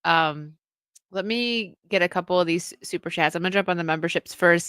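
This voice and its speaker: A woman hosting a casual livestream, briskly reading out donations and super chats. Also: lowish voice, a bit bright, clear, resonant tone, no echo.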